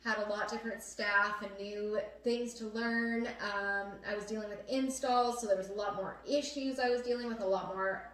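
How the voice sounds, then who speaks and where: A woman's voice: mid-range voice, steady tone, normal speed, hardly any pauses, fairly bright tone. Earnest young woman, echoey room. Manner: earnest, with many fillers. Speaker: host. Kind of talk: casual chat. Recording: echoey room, mic at a distance.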